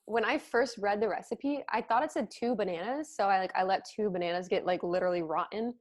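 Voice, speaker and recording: A woman's voice: mid-range voice, fairly quick. A woman co-hosting a casual eating show, giggly and rambling, swearing offhandedly. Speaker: co-host. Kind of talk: casual chat while eating.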